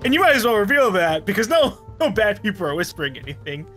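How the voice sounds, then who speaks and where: High, lively man chatting over a game. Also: faint music behind. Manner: laughs often, explains strategy in quick bursts. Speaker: game player. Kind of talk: casual gaming chat.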